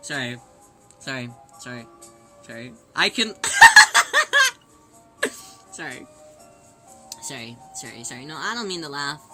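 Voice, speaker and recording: A woman hosting a casual livestream, chatting and answering viewers' questions in a lively way with many restarts. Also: very deep voice, normal speed, long pauses, faint music behind. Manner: animated, reads and answers chat, many restarts. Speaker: livestream host.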